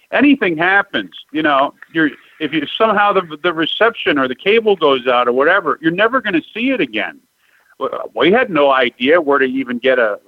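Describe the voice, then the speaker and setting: A man in his fifties hosts a casual podcast chat, reflecting nostalgically on the past. His voice sits a bit higher than most men's. The sound is dry and close, with a dull lo-fi quality. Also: no room sound. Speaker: podcast host.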